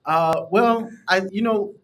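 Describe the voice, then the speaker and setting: A man's voice: sits high, takes it slowly, fairly bright tone. Upbeat jokey male co-host. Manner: upbeat, jokey, restarts phrases. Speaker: co-host of a live stream, comedian. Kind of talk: casual banter.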